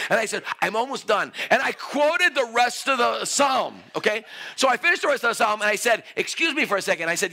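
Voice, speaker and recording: A man preaching a sermon, telling a story, laughing and rising to shouts. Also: very high-pitched, lively intonation, brisk, vocal fry. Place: church hall.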